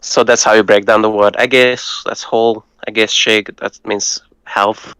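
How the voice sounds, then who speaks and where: A man who speaks Hungarian natively, patiently tutoring and breaking words down slowly, with some hesitant fillers. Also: lowish voice, level tone, a bit bright, clear, resonant tone, dry recording, low-quality recording. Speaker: language tutor. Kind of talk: casual language lesson.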